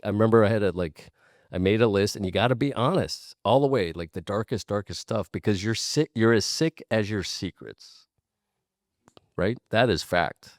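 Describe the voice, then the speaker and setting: A man's voice: low voice, a little mellow, dry recording, studio quality. A man speaking as a guest in a candid conversation, earnest and repeating points for emphasis, with casual swearing.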